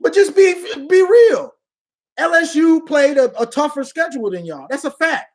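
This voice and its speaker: High-voiced trash-talking sports streamer. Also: male voice, animated, normal speed. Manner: trash-talking, laughing, slangy. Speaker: online sports commentator. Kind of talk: casual live Q&A.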